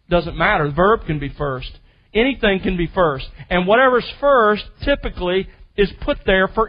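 A man with a high voice preaches an expository sermon to his congregation. He teaches with emphasis and slows down to stress the key phrases. The recording sounds muffled and lo-fi. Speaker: pastor.

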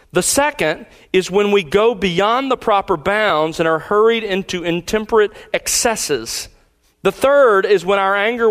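A middle-aged man preaching a sermon as pastor, measured and questioning, slowing down to read quotations. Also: high-pitched, a bit bright.

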